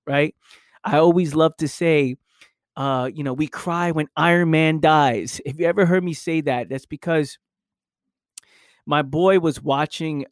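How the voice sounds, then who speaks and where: A man's voice: on the high side, no room sound, studio quality. A young man hosting a solo podcast, talking casually and reflectively, with "right?" tagged onto his points. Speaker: podcast host.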